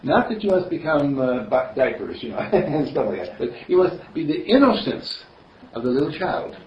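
A male minister gives a meandering spiritual sermon, chuckling as he tells stories, with a lively, rising and falling pitch. He is heard from a distance in a roomy space, and the recording is dull with faint hiss. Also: moderate pace. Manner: rambling, chuckling, storytelling.

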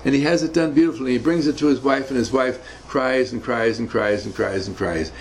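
A man's voice: medium pitch, a little fast, slight background noise, rough recording. An older man telling rambling, emphatic stories from his navy days in a motivational talk. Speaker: speaker recounting navy service.

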